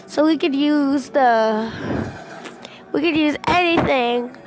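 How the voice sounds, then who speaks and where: A woman's voice: sits high, takes it slowly. Young girl rambling through a gaming story. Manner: rambling, excitable, bursts into shouts when quoting. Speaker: gaming vlogger. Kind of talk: casual storytelling.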